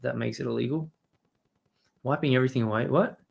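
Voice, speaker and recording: Brisk and creaky with a darkish tone, a mid-range male voice carries a live stream where he rambles, swears, and works through his chat's messages in casual commentary.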